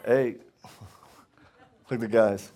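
A middle-aged man preaching a testimony sermon to a live audience, laughing often and swinging from loud outbursts to hushed tones. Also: fairly low pitch, steady tone, very slow, a little hiss or hum.

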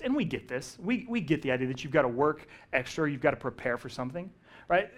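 A male pastor preaching a sermon, telling the story with lively acted-out voices. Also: a little high, fast. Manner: animated storytelling, acting out quoted voices.

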